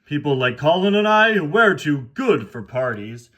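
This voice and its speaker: A man's voice: fairly high pitch, sing-song, a little slow, fairly bright tone. A man voicing a pompous, haughty male express engine.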